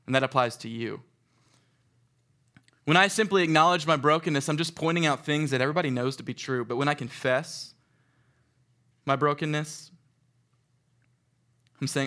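A young man giving a sermon to a live audience in a room, talking in a casual, animated way and acting out stories. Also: a little high. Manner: animated, conversational, acts out stories. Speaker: youth speaker.

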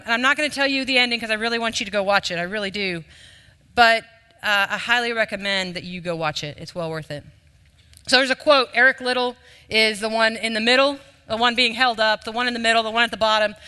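A man's voice: very high voice, bright, forceful tone, clean tone. A man giving an informal, conversational sermon to a live room, self-deprecating in tone. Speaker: speaker leading a devotional. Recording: reverberant hall.

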